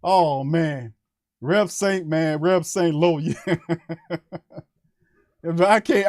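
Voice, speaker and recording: A man's voice: on the high side, slow pace, pauses often, a little mellow, no room sound, clean studio sound. A man who hosts a sports podcast, delivering a heated, profane fan rant on a live stream and hammering his points over and over.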